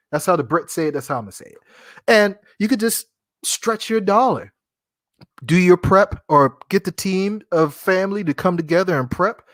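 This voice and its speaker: A man's voice: fairly high pitch, a bit bright, no echo. Rambling, jokey male podcast host, dry sound. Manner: rambling, jokey, laughs at himself. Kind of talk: casual solo podcast talk.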